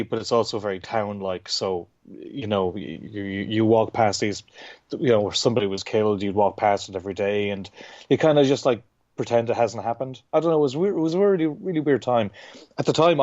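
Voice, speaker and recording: A man's voice: on the low side, a little mellow, no room sound, dull audio. A man in his thirties with an Irish accent, chatting casually as an interview guest, rambling and swearing freely. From Ireland. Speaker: guest comic artist.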